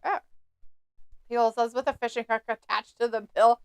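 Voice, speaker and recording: A woman's voice: on the high side, fairly even intonation, normal speed, clean tone, dry recording. A woman co-hosting a live stream, chatting casually, laughing often and reading viewer comments aloud. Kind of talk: casual watch-along chat.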